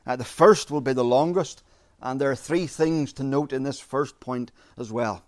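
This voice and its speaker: A man preaching an expository sermon, measured and emphatic, repeating his key phrases. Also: medium pitch.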